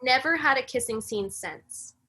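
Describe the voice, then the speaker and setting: A woman on a podcast, a breathwork facilitator, recounts a personal story in lively conversational fashion. Her voice is bright and a little airy, set fairly high for a woman, and her speech is dotted with "you know.". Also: unhurried, slightly rough. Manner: animated, frequent "you know" fillers.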